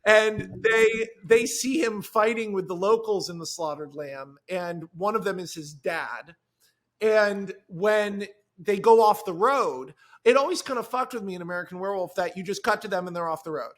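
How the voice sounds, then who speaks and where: A screenwriter talking on a podcast, telling a story with lively enthusiasm and frequent restarts. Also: male voice, high voice, moderate pace. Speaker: screenwriter guest. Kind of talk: podcast conversation.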